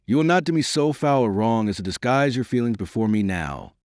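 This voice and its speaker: A man's voice: medium pitch, expressive, fairly quick, a little mellow, dry recording, clean studio sound, voice pushed up, close to an everyday voice. A man voicing a desperate, devoted young woman, pleading through tears in an audiobook reading. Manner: pleading, emotional.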